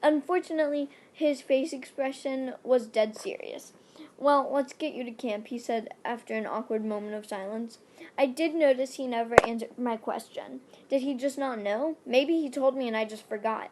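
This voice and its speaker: A woman's voice: fairly high pitch, normal speed, background noise. A young woman reading her own fanfiction aloud, playful, with dramatic asides. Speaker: fanfiction reader.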